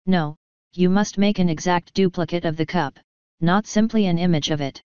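A woman's voice: on the low side, normal speed, darkish tone, clear, resonant tone, no room sound, close to an everyday voice. A woman voicing a boastful female unicorn showmare who speaks of herself in the third person, in a storybook reading. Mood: haughty. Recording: dull lo-fi dry recording.

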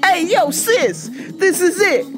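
A man's voice: very high-pitched, sing-song, slow pace, music in the background, pitched above the performer's own voice, exaggerated voice. A woman voicing a confused, cheerful male store customer who insists on the same point over and over. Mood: insistent. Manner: insistent, repeating himself.

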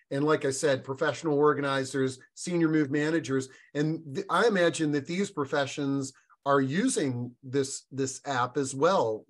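A man hosting a live online discussion, talking casually with frequent pauses and fillers. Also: on the high side. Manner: relaxed, halting, many fillers. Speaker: webinar host.

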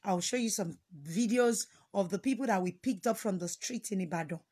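A woman's voice: medium pitch, brisk, dark tone, husky. A woman hosting a casual livestream on her phone, telling stories dramatically with sudden exclamations and switching between Yoruba and English. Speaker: livestream host.

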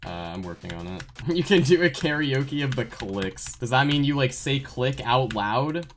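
Young female streamer, unusually deep voice, lively pitch; excitable, self-scolding, bursts into yells. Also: moderate pace, a little hiss or hum. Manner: excitable, scolds herself, yells when she fails. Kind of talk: live-stream gameplay commentary.

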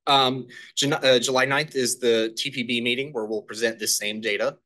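Guy presenting at a committee meeting, bright voice, lots of uhs and restarts. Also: mid-range voice, fairly even intonation. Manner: halting, many fillers and restarts. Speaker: staff presenter.

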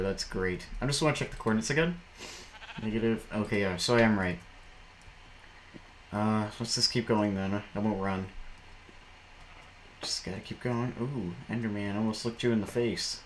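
A man's voice: fairly low pitch, normal speed, long pauses, slight background noise, rough recording. A man giving casual commentary while playing a game, rambling and jumpy, breaking into shrieks when startled. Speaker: gameplay commentator.

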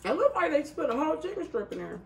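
A woman's voice: sits high, very animated, fast, vocal fry, recorded from a distance. A woman in her thirties swings her voice all over as she jokes and laughs her way through a casual eating chat. Her voice sits a little off from the mic, with faint noise behind her. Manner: laughs often, loose and salty.

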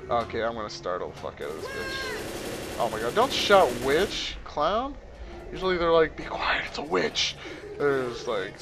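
Gravelly, lively gamer guy. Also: medium pitch. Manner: lively, swearing, startled outbursts. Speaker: gameplay commentator. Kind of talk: casual let's-play commentary.

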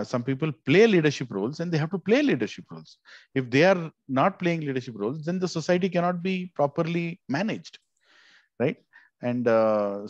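A man's voice: medium pitch, no room sound, highs cut off. A man with an Indian English accent, teaching a devotional scripture class in a conversational way and leading the group in recitation. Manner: conversational, leads call-and-response recitation.

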